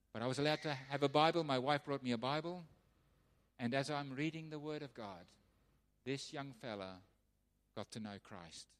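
A man preaching as a missionary pastor, telling his testimony as an animated storyteller who acts out the voices of others. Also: mid-range voice. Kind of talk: sermon testimony. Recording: long hall reverb.

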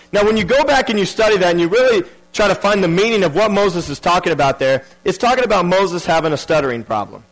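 A man's voice: high-pitched, expressive, fairly quick, rough recording. A man preaching a sermon earnestly, repeating key phrases and restarting his sentences.

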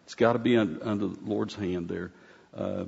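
A man's voice: lowish voice, moderate pace, creaky, a little mellow, husky. A man preaching a conversational sermon in a folksy, rambling way, often restarting his sentences. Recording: dull sound with long hall reverb.

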